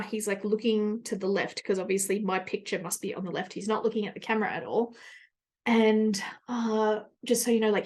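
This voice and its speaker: A woman's voice: mid-range voice, darkish tone. A woman hosting a podcast, talking candidly and chattily in a casual solo monologue, with plenty of fillers and asides. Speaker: podcast host.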